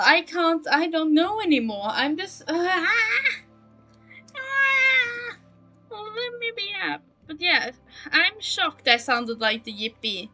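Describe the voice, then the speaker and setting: A young German woman with a high, bright voice, speaking English with a German accent. She rambles and teases herself as she streams a building game. Soft game music plays behind her voice. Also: rough recording. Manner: rambling, self-mocking, talks to chat. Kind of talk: casual live-stream chat while gaming.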